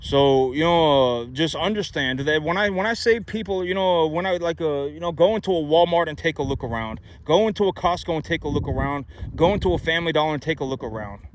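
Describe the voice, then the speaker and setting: A man's voice: on the high side, fairly quick, hardly any pauses, slight background noise. A man giving money advice in a casual, emphatic monologue, repeating himself and asking rhetorical questions. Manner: repetitive, emphatic, many rhetorical "right?" asides.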